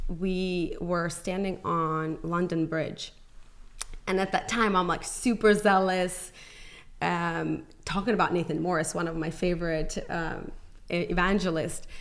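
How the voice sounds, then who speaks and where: A woman's voice: lowish voice, fairly even intonation, slow pace. A young woman giving an emotional personal testimony as a podcast guest, talking casually with lots of "like" and acting out what people said. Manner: chatty, many "like" fillers, acts out quoted dialogue.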